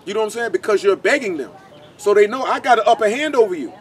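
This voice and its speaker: A man's voice: high voice, animated, quick pace. A man teaching scripture in an informal, blunt, slangy way, firing off rhetorical questions. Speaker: Bible teacher.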